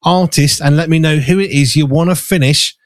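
A man's voice: fairly high pitch, fairly quick, background noise. A British man hosting a live radio show, chatty and teasing, with a slightly rambling way of talking. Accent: British English. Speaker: radio presenter. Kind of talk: casual live radio chat. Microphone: studio microphone.

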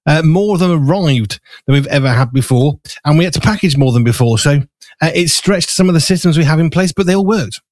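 A man hosts a live chat show from a small studio, rambling with fillers as he eats and sounding slightly out of breath. His voice is fairly high, animated and fairly quick, with a darkish tone and no room sound.

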